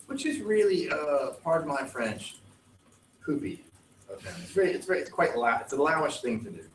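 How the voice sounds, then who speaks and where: A male teacher lecturing a class, animated and joking with his students. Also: on the high side, moderate pace, a little hiss or hum. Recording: echoey classroom with faint ambience.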